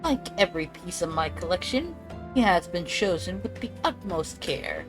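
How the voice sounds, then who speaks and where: A woman's voice: on the low side, big pitch swings, normal speed, faint music behind, poor audio. A woman voicing a haughty rich noblewoman. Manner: imperious, scornful, commanding. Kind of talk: live reading of game dialogue.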